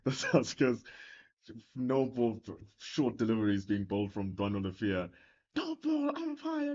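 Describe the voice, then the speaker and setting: A man calling live cricket play, lively and playful between the deliveries. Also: on the low side. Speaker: cricket commentator. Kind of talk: live sports commentary. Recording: lo-fi broadcast sound.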